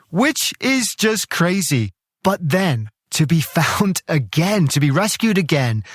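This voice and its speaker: A man's voice: mid-range voice, dry recording. Male host, enthusiastic conversational narration, dry close recording. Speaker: podcast host. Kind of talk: scripted narration.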